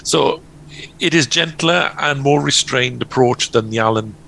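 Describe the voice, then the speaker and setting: A man's voice: mid-range voice, creaky, sharp tone, slight background noise, poor audio. A man giving a prepared album review, stumbling and correcting himself now and then. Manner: halting, stumbles over words.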